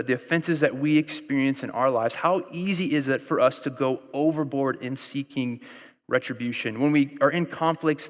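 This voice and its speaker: American guy preaching, chatty storyteller, mid-pitched, big echoey hall. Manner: conversational preaching with storytelling and acted-out quotes. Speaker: pastor. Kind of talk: sermon.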